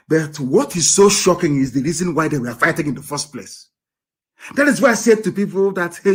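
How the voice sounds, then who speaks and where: A Nigerian-accented man with a fairly high voice preaches on a live broadcast. He lectures with scorn, reads scripture slowly, and swings between loud bursts and soft asides. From eastern Nigeria. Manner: reads Bible verses aloud slowly, pausing and restarting. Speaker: activist broadcaster.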